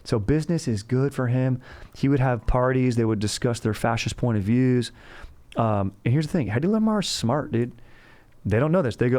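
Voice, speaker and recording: A man's voice: medium pitch, lively intonation, normal speed, a little mellow. A man hosting a comedy history podcast, telling the story in a rambling, slangy way. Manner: rambling, slangy, laughs at his own jokes. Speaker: podcast host.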